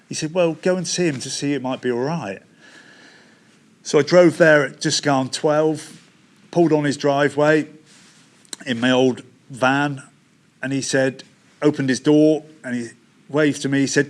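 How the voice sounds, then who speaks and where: Man, middle-aged, Devon accent, personal testimony, halting, quotes what people said. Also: medium pitch. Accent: Devon English. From England. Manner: recounts events with quoted dialogue, halting restarts. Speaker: testimony speaker.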